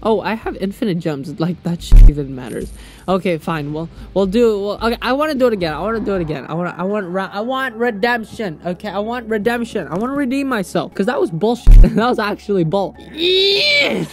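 A young man giving casual gameplay commentary, excitable, yelping, laughing often and swearing freely. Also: sits high, a little fast, soft background music. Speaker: gaming channel host.

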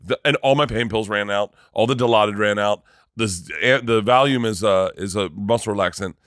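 A low-pitched man tells a story on a podcast, animated and halting, tripping over restarts and cursing freely. The recording is dry and close, with almost no room sound. He sounds like a comedian in his thirties chatting casually. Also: dry recording. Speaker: guest comedian.

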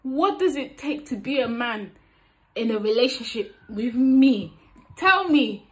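A woman talks straight to camera about relationships in a frank, playful way. Her voice sits a little high, and she often breaks into laughter as she teases and gives advice. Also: expressive, a little slow. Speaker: vlogger giving relationship advice. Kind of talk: casual advice talk to camera.

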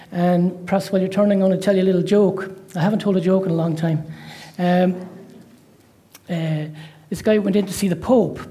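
A man with an Irish accent, preaching a sermon that opens with prayer, a joke and frequent amens. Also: high voice. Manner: warm-hearted, with frequent amens and praise interjections.

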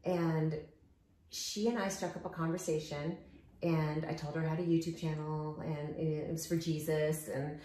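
A woman hosting a casual chat while out walking, telling stories in an animated way and acting out the voices of the people in them. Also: low-pitched, moderate pace, echoey room, slight background noise. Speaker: host. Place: outdoors walking.

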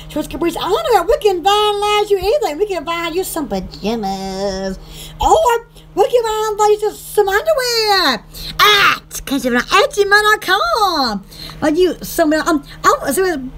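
A woman's voice: very high-pitched, a bit bright, slight background noise. A woman, hosting her online shop in rambling casual chat, giggly and silly, laughing and squealing often.

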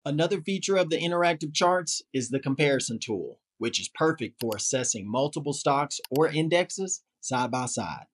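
A man narrating a scripted software tutorial in an upbeat, polished promotional manner. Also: a little high, animated, normal speed, few pauses, a little hiss or hum.

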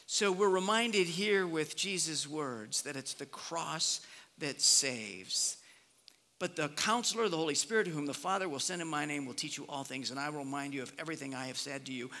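A pastor from Nebraska preaching a conversational sermon, swinging between lively emphasis and hushed, almost whispered reflection. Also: male voice, on the high side, normal speed. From Nebraska, USA. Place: church sanctuary. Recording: long reverb of a church hall.

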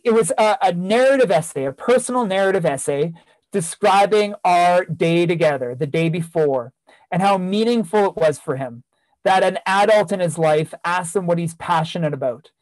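A former teacher delivers a keynote talk, earnestly recounting a story from his classroom years and repeating phrases for emphasis. His voice is high-pitched with a darkish tone. The recording is rough, with no echo.

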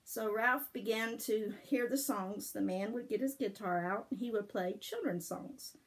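An older woman with a husky voice, gently telling a story and devotional to her grandchildren. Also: mid-range voice, unhurried, low-quality recording. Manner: gentle, affectionate, sings softly. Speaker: storyteller for children.

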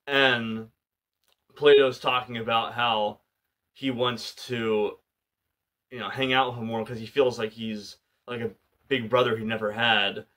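A man's voice: medium pitch, level tone, unhurried, a bit bright. A man casually retelling a film's plot, full of "like" and "you know" fillers. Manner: loose and chatty, many "like" and "you know" fillers. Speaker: movie reviewer.

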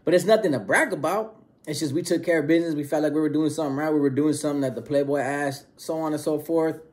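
Man, slightly higher voice, slangy casual storytelling, animated retelling. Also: fast talker. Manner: street slang, animated retelling with quoted dialogue. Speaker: storyteller recounting prison experience.

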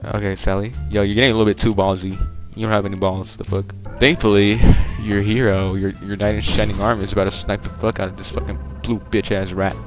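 A young man giving casual, profane, joking commentary while playing a game online, rambling and bursting into loud excitement. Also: on the low side, fast talker, hardly any pauses, music in the background. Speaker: gaming video creator.

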